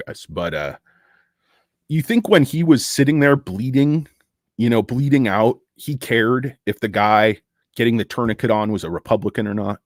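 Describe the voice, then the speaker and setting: A middle-aged American man talks in a loose, rambling monologue, his pitch leaping up and sinking low as he gets worked up. He swears freely and trips over fillers and restarts. The sound is close and dry, with no room around it. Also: no room sound. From United States. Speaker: stock market YouTuber.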